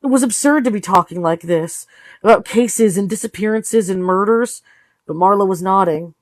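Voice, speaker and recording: A woman's voice: mid-range voice, normal speed, no room sound. Tired woman reading a novel aloud. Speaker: audiobook reader. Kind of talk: read-along narration of a novel.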